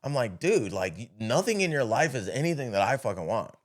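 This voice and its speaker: A man's voice: medium pitch, sing-song, fairly quick. A man who is a guest on a podcast, talking in blunt, profane casual conversation that rambles and restarts. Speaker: podcast guest, business owner.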